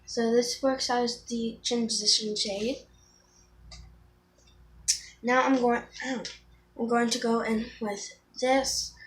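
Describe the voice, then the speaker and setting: A woman's voice: a little high, slight background noise. A teenage girl chatting casually through a makeup tutorial, rambling with ums and restarts. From Florida. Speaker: beauty vlogger.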